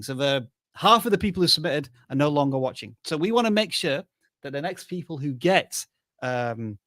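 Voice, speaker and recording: A man's voice: mid-range voice, a bit bright, no echo, clean studio sound. Chatty man co-hosting a live stream. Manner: chatty, playful, thinks aloud. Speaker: livestream co-host. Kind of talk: casual live stream chat.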